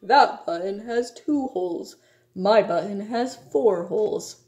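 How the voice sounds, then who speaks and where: A woman's voice: mid-range voice, takes it slowly, warm tone, natural voice. A woman voicing a fussy, easily upset male toad in a children's storybook. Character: excitable nervous male toad. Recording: echoey room.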